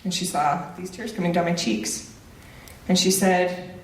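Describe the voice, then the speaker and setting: A woman's voice: lowish voice, fairly even intonation, a little slow, recorded from a distance. A woman giving a motivational speech, telling a personal story with humor and direct lines. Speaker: motivational speaker. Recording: roomy echo, voice off mic.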